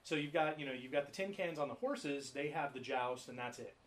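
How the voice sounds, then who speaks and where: A man's voice: on the high side, brisk. A man co-hosting a podcast, telling rambling stories in casual chat and swearing freely. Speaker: podcast co-host.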